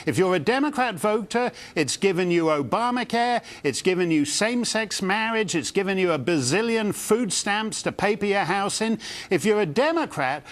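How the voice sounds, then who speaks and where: Wry, animated male political commentator. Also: sits high. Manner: wry, animated, sardonic asides. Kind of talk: cable news interview.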